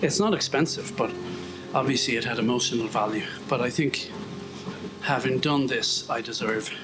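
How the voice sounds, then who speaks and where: A man's voice: mid-range voice, normal speed, loud music behind the voice, rough recording. Chatty man rambling on a treadmill. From Ireland. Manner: chatty, self-mocking, wandering. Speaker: vlogger.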